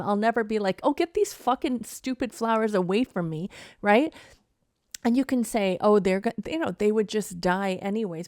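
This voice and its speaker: A comedian and podcast host in her thirties telling a story as an indignant rant, swearing freely and getting animated. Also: fairly high pitch, dry recording, clean studio sound.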